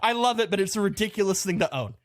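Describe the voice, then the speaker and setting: A man with a high voice tells a story on a podcast, loose and animated. He keeps breaking into laughter at his own misfortune. The sound is dry and close to the mic. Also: quick pace, no room sound. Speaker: podcast co-host. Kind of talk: casual storytelling chat. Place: podcast studio.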